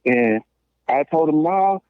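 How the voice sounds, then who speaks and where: Southern guy from memphis, late 30s, talks high and blunt, dry tinny phone sound. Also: moderate pace, no echo. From Memphis, Tennessee. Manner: blunt, slangy, animated storytelling with many restarts. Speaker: podcast guest. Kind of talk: casual call-in conversation.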